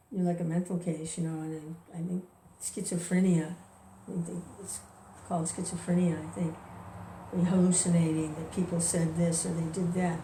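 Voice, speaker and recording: A woman's voice: fairly low pitch, warm tone, a little hiss or hum. Woman chanting and musing, roomy distant sound. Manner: rambling, chuckling, chants between thoughts. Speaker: devotee sharing reflections. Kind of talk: casual spoken reflection with chanting.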